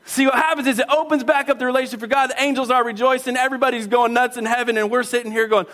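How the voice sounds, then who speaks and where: A man with a fairly high voice preaches a sermon in a church. He keeps it animated and playful, acting out voices and calling on the congregation to join in. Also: quick pace, hardly any pauses. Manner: animated, acts out voices and crowd calls. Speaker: pastor.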